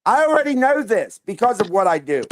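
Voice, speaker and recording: A man on a panel, speaking haltingly and often restarting his sentences. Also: high voice, big pitch swings. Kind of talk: heated panel discussion.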